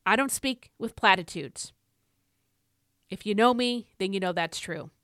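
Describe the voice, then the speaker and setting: A woman's voice: mid-range voice, measured pace, no room sound, clean studio sound. Fiery woman podcaster, emphatic and preachy. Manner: emphatic, preacherly, rising to shouts. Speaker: podcast host. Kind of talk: fiery devotional exhortation.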